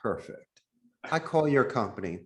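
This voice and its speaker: A man's voice: mid-range voice, lively intonation, unhurried. Guy teaching phone sales on a podcast, acts out the calls, regular mid voice. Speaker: call center founder, podcast guest.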